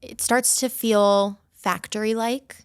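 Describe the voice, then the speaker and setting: A woman's voice: on the high side, fairly even intonation, slow, smooth, no room sound. A young woman esthetician and studio owner giving upbeat advice in a casual podcast interview.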